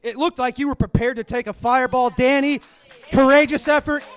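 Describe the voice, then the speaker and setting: Man, wrestling play-by-play announcer, very high-pitched, excited shouting calls. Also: fairly quick, smooth. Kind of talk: live wrestling commentary.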